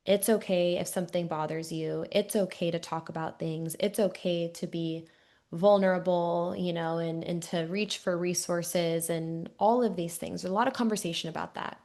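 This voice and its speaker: Podcast host, young woman, lowish voice, reflective and chatty. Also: fairly even intonation, moderate pace, a little mellow. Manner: thoughtful, reflective, uses many fillers. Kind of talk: interview conversation.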